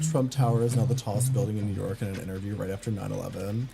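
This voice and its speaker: A man's voice: lowish voice, steady tone, quick pace, vocal fry, few pauses, warm tone. A man hosting a live stream, chatting casually, laughing often and reacting to chat. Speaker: streamer host. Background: people making noise nearby.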